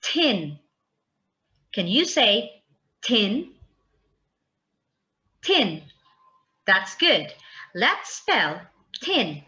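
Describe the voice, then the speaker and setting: A woman teacher talks to young children at a very slow, deliberate pace, stretching out each word and spelling it letter by letter. Her bright voice moves through a lively range of pitch. The audio is a little dull and lo-fi. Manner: slow, drawn-out spelling aloud for kids. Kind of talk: children's vocabulary lesson.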